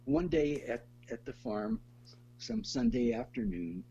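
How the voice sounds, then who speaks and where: An older man, a guest in a conversational interview, telling stories in an animated way and laughing as he goes. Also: a little high, unhurried, creaky, breathy edge. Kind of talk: conversational storytelling.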